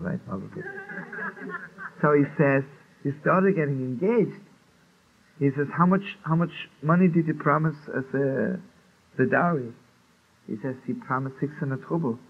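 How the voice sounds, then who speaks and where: A man tells a folk tale, voicing each character in turn and breaking into laughter along the way. His voice sits in a middle pitch. The sound is thin and phone-like, with a faint hiss from an old archive tape. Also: gravelly. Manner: animated storyteller, acts out dialogue, laughs often. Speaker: rabbi telling a Hasidic story. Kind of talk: storytelling talk.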